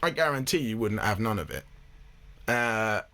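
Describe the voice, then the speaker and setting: A man hosting a reaction video, giving blunt, animated, swear-filled casual commentary. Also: fairly low pitch, moderate pace.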